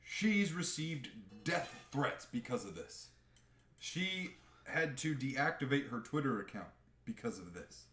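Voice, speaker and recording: A man on a live podcast, chatting casually in a profane, animated rant. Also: mid-range voice, measured pace, reverberant, soft background music. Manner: animated, profane ranting with mocking impressions. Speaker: podcast co-host.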